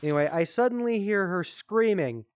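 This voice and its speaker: A man's voice: sits high, lively intonation, normal speed, clear, resonant tone, no echo, muffled recording. A young man streaming on a headset mic, rambling through profane comic stories and laughing at his own jokes. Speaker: streamer comedian. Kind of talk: casual comedic storytelling.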